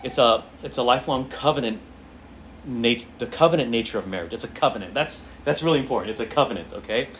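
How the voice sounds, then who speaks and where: A man's voice: medium pitch, fast talker. A man leads a church Bible class, reading scripture aloud and explaining it in a loose, conversational way. He repeats phrases, restarts sentences and keeps checking in with his listeners. Faint background noise sits under his voice.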